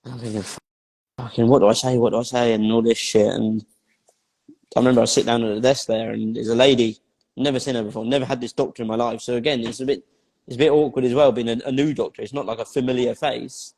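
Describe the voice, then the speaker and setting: A man's voice: mid-range voice, steady tone, quick pace, creaky, a little mellow. A man tells his own life story as an interview guest, talking bluntly, swearing often and repeating phrases for emphasis. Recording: long hall reverb.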